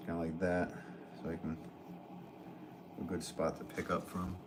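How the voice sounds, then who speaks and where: A man's voice: sits low, level tone, normal speed, noisy background. A man live-streaming from his pottery studio, chatting casually with viewers and answering their comments while he works clay.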